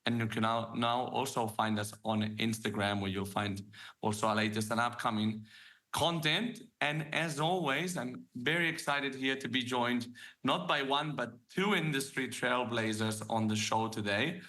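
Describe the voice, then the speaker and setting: Bright-voiced Catalan podcast host. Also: male voice, medium pitch, moderate pace. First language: Spanish. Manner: upbeat, jokey. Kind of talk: podcast hosting.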